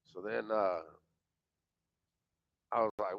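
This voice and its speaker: A man's voice: mid-range voice, steady tone, a little slow, creaky, pauses often, fairly bright tone, dry recording. A man telling a personal story in a folksy, rambling, colloquial way, acting out the dialogue. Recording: dull lo-fi dry sound.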